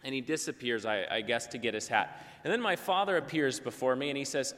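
A man's voice: mid-range voice, fairly quick, few pauses, fairly bright tone. A middle-aged man preaching a conversational sermon, telling a story and acting out the voices of the people in it. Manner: conversational, acts out quoted voices. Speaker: pastor. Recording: long hall reverb.

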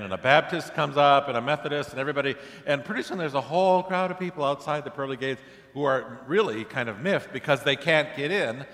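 A man's voice: mid-range voice, expressive, fast talker, a bit bright, in a large hall. A man preaching a sermon in a conversational way, pushing his voice up for emphatic questions. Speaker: pastor.

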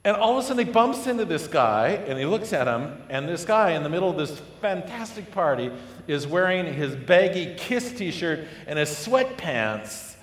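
A man preaching a sermon, telling a parable with lively storytelling and acted-out voices. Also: on the high side, normal speed. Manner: animated storytelling, acting out voices. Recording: echoey hall with long reverb.

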